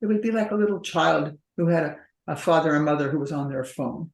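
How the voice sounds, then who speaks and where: A woman's voice: low-pitched, quick pace, darkish tone. Woman therapist in an echoey room. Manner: acts out partners' voices in quoted dialogue. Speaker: couples therapist. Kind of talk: conversational interview explanation. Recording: roomy echo.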